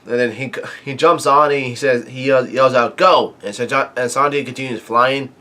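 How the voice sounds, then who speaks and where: A man casually retelling a comic chapter as a reviewer, halting often with fillers and restarts as he goes. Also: medium pitch, steady tone, sharp tone. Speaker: manga reviewer.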